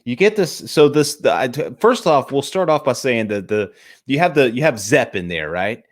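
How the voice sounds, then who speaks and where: A man co-hosting a casual movie review, excitable, swearing casually and restarting his sentences often. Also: medium pitch, moderate pace. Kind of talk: casual chat.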